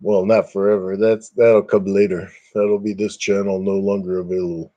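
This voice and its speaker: A man's voice: low voice, level tone, moderate pace, warm tone, highs cut off. An older man chatting casually on a webcam live stream at home, rambling and self-deprecating, chuckling often.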